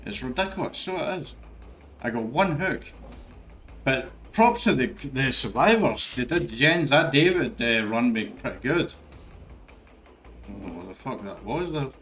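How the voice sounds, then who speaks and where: A man's voice: mid-range voice, expressive, measured pace, a bit bright, faint music behind. A man giving frustrated, ranting commentary over his own gameplay, swearing often. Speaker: gaming streamer.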